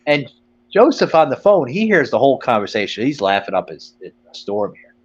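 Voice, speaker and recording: A podcast host with a medium-pitched, slightly breathy voice tells a rambling, profane comic story, talking a little fast and very animatedly while quoting people in put-on voices. He comes through a phone line, and the audio sounds dull.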